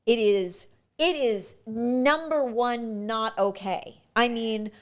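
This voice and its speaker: An actress telling lively stories about her auditions and career in a casual interview. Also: fairly high pitch, takes it slowly. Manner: lively anecdotal, frequent restarts. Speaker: actress guest.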